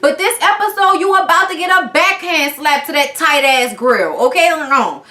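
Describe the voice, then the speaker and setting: A woman reviewing a reality TV episode in a blunt, animated and profane casual rant. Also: high voice, normal speed. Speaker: TV show reviewer. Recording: echoey room.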